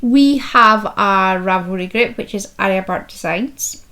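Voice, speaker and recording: A woman co-hosting a crafting podcast in a relaxed, unhurried way. She has a dry, joking manner and trades quips with her co-host in casual chat. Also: medium pitch.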